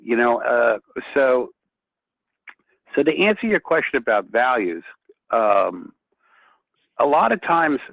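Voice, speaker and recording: A man speaking as a guest painter in a casual chat, excitable and often restarting his sentences. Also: mid-range voice, takes it slowly, gravelly, long pauses, no echo. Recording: tinny phone-like line, dry.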